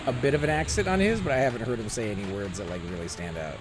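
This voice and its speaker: A man's voice: mid-range voice, big pitch swings, racing, background noise. A man hosting a casual gaming session, chatty and joking with his group. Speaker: gamer and channel host. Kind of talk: casual chat.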